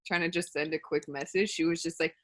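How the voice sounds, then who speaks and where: A young woman co-hosting a podcast in casual chat, dropping quiet asides that rise into laughing exclamations. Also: low voice, steady tone, quick pace. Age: young adult. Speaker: podcast co-host.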